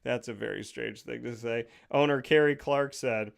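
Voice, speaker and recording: A show host with a creaky, mid-range voice speaks at a moderate pace into a studio microphone during a casual talk-show monologue. His stories ramble, digress and are full of jokes.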